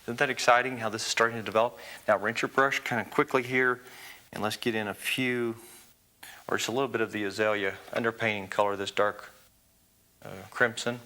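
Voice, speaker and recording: Folksy man teaching painting, bright voice. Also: on the low side, fairly even intonation, brisk. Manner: folksy, encouraging, talks through each brushstroke. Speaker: painting instructor. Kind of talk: televised painting lesson.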